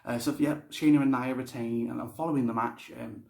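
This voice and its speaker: A man's voice: medium pitch, fairly even intonation, a little fast, gravelly, a little mellow. A young man giving a casual, blunt spoken review, swearing freely. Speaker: wrestling show reviewer. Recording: roomy echo.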